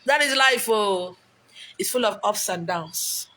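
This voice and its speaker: A woman's voice: medium pitch, expressive, slow, bright, forceful tone, slight background noise. A middle-aged Nigerian woman with a Nigerian accent, talking emotionally and a little preachily as she rambles on her own live video, recorded on a phone. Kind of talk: casual motivational live stream.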